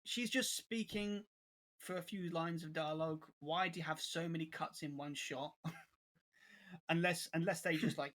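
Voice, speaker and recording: A man's voice: fairly high pitch, unhurried. Young man, casual podcast co-host, raised voice, exasperated and restless. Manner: animated, exasperated, many restarts and laughs. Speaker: co-host reviewer. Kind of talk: casual review chat.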